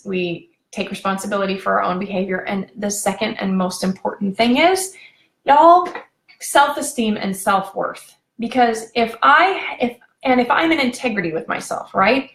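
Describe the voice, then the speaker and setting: A woman's voice: mid-range voice, fairly bright tone, reverberant. A woman talking casually to her viewers, giving relationship advice with lots of fillers and direct questions. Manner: chatty, addresses viewers directly with frequent fillers. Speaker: relationship vlogger.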